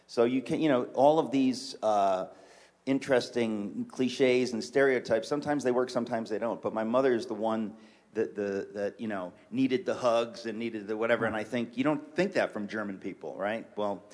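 A man from New York City talks as a guest author on a church stage. He jokes constantly, with quick, self-mocking asides, in a voice of middling pitch. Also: a little mellow. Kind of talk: casual interview chat on a church stage.

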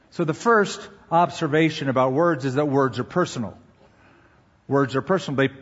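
Husky preaching man in a reverberant hall. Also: fairly high pitch, highs cut off. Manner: measured preaching, reads scripture slowly with emphasis. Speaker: pastor. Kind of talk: sermon.

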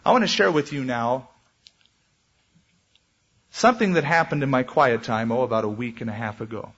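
A man preaching a sermon as pastor, with animated delivery and dramatic swings in pitch. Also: moderate pace, slightly rough, highs cut off.

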